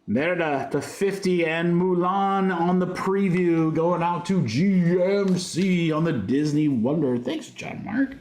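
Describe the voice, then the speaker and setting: A man's voice: fairly high pitch, animated, slow, darkish tone, echoey room. A man hosting a trading card break, rattling off card names with chatty asides to his viewers. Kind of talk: casual livestream commentary while opening packs.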